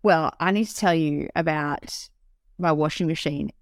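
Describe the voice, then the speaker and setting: A woman's voice: deep voice, measured pace, no room sound, studio quality. A woman, co-hosting a podcast in casual chat, laughing often and telling stories with animation. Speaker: podcast co-host.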